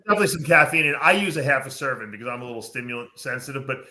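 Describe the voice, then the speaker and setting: A man's voice: mid-range voice, lively intonation, very fast, sharp tone. A man hosting a podcast, chatting casually and explaining things at length with lots of fillers. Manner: rambling, explanatory, many fillers. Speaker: podcast host.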